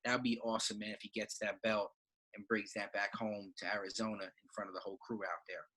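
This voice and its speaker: Bright-voiced man in casual fight talk. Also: fairly low pitch, flat delivery, a little fast. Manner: enthusiastic, loose and repetitive, slangy. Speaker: podcast co-host. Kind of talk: casual sports chat.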